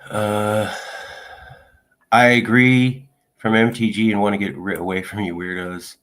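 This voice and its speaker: Male political commentator, lowish voice, casually reading viewer comments aloud in quick succession. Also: little pitch movement, a bit bright.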